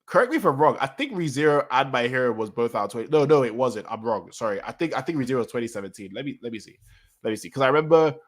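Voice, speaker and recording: A man streaming a casual manga reaction, rambling excitedly and correcting himself as he goes. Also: mid-range voice, rapid-fire. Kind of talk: casual live-stream talk.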